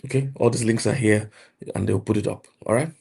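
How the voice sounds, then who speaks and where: A middle-aged Nigerian man with a Nigerian accent, preaching and mentoring emphatically, repeating himself and rising to loud outbursts. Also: lowish voice, steady tone, a little fast, vocal fry, husky. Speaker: pastor and mentor. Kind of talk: motivational preaching.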